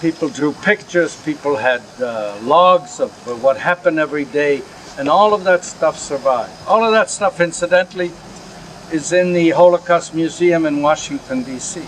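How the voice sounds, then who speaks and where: A man's voice: on the high side, moderate pace, fairly bright tone, slight background noise, rough recording. An older man, a Holocaust survivor, lecturing to an audience in a plain, earnest way and taking their questions. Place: outdoor camp gathering.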